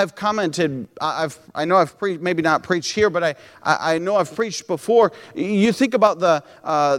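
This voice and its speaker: A man preaching a sermon as pastor, with emphatic, impassioned delivery in a church. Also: sits high. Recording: echoey hall reverb.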